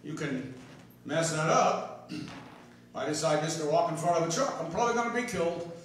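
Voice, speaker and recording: A man preaching a sermon as pastor, swinging between hushed, tender passages and emphatic, rising points. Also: fairly high pitch, moderate pace, a little hiss or hum. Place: church sanctuary. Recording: echoey church hall from far off.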